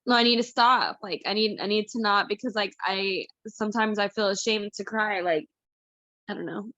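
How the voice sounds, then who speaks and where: Brief: hesitant woman client, halting and unsure, dry muffled call audio. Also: medium pitch, sharp tone, no echo. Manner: hesitant, searching, many fillers. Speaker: coaching client. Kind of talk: coaching call.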